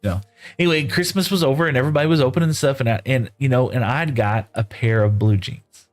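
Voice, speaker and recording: Over soft background music, a middle-aged man from West Texas talks quickly in a mid-range voice. His long, rambling stream story comes out folksy and casual, full of "you know" and "right?".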